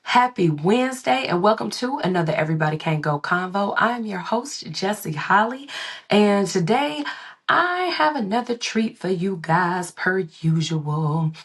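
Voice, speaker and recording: A woman's voice: medium pitch, lively intonation, unhurried, breathy edge. A woman hosting a solo motivational podcast, talking in a playful, sing-songy way. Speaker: podcast host.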